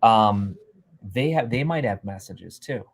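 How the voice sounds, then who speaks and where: A man hosting a live stream interview, talking with energetic, salesy push and repeating himself. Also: on the low side, unhurried. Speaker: host.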